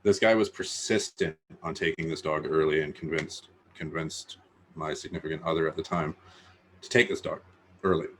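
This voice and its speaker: A man's voice: a bass voice, steady tone, moderate pace, a bit bright, a little hiss or hum. A man in his thirties, co-hosting a podcast, telling a rambling personal story in casual chat, full of swearing and fillers. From Canada. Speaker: podcast co-host.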